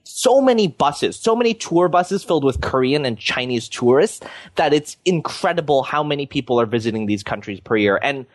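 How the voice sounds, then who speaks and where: A man's voice: mid-range voice, expressive, moderate pace, no echo. Young male podcast host from Canada, loose rambling delivery full of fillers, dry close-mic sound. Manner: rambling, filler-heavy, lots of "like" and "you know". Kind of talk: casual chat.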